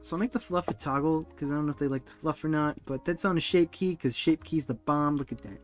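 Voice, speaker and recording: A man's voice: fairly high pitch, quick pace, faint music behind. A young man chatting casually while he streams himself doing 3D modeling, rambling and laughing often. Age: young adult.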